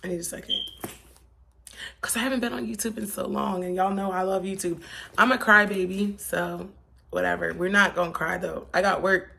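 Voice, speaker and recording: A woman's voice: mid-range voice, steady tone, a little fast, gravelly, bright, forceful tone. A young woman from Pennsylvania vlogging in a chatty, rambling, slangy way that turns emotional. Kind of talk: casual chat. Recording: faint background noise.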